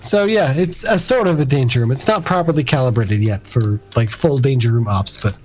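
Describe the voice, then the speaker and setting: A man narrating as game master of a tabletop role-playing game, in a relaxed, halting way with many fillers. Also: mid-range voice, rough recording.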